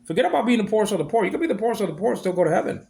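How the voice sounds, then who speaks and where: A man vents in a long, aggrieved monologue and circles back to the same complaints. His voice is gravelly, and his pitch swings widely from high to low. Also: very animated, very fast, mellow, a little hiss or hum. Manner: aggrieved, repetitive, ranting. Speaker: vlogger. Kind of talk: ranting monologue.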